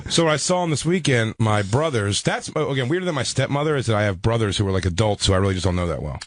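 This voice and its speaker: A man, a comedian, telling a story in a rambling, animated way with many restarts. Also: fairly low pitch, racing, no room sound. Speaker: comedian guest.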